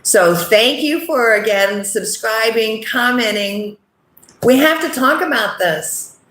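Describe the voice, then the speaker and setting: Brief: middle-aged woman host, earnest and unhurried, speaking in an echoey room. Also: fairly high pitch, lively intonation, noisy background. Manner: earnest, repeats "okay?" often. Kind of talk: casual direct-to-camera talk.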